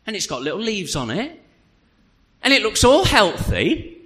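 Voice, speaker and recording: A man preaching a sermon, telling a humorous personal story in a chatty, animated way. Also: high voice, a little slow. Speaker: pastor. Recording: reverberant hall.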